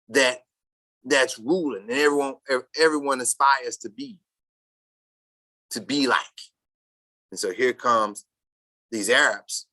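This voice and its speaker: A Sabbath class teacher reading a text aloud to a class and commenting on it, speaking haltingly with many restarts and bursts of loud emphasis. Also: mid-range voice.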